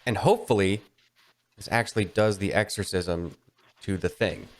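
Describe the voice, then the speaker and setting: A man's voice: fairly low pitch, moderate pace. A man playing a tabletop game, chatting casually and hesitantly with frequent restarts.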